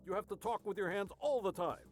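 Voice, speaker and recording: A man voicing a chaotic tabletop player who is goofy and defiant in an animated skit. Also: high voice, quick pace, soft background music, lightly acted.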